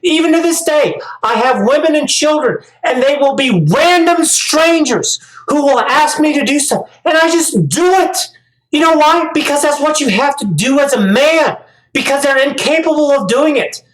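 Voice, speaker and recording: A man's voice: very high-pitched, animated, normal speed. A middle-aged man talking casually and at length, stumbling over repeated words and growing emphatic as he rants. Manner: rambling, repeats words on restarts; gets emphatic and ranting. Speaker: vlogger. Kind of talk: casual monologue. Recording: echoey room.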